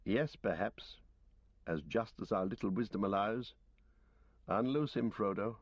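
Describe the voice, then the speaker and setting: A man reading aloud and voicing a stern, grave lord who passes judgement in formal, measured, solemn speech. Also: on the low side, no room sound. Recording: dull lo-fi recording.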